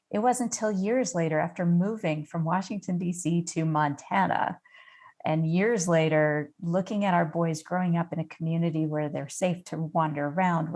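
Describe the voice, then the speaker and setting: A middle-aged woman from the United States, a podcast guest, telling a personal story in an unhurried, conversational way with some fillers. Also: low voice, a little mellow. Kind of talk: storytelling in an interview.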